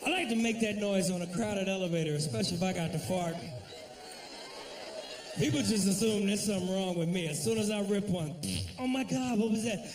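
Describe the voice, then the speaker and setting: A man's voice: high-pitched, fairly quick, recorded from a distance, soft background music. A man doing a profane, brash stand-up set, jumping in and out of acted-out voices. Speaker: stand-up comedian.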